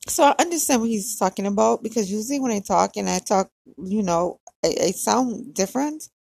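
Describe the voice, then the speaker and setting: Chatty woman with a gravelly Hawaiian lilt. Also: mid-range voice, a little fast, a little mellow, dry recording. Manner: chatty, confiding, quotes others. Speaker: podcast host. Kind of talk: casual diary-style chat.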